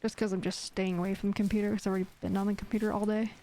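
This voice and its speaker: A woman streaming a survival game live, chatting casually and getting jumpy and excited as she hunts. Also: mid-range voice, racing, slight background noise. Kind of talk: live gameplay chat.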